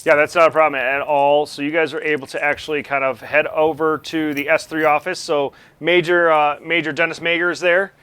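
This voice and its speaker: A man's voice: fairly high pitch, flat delivery, a little fast, few pauses, bright, forceful tone, clear, resonant tone, dry recording. A man running a tabletop game as game master, narrating in a rambling way with lots of fillers.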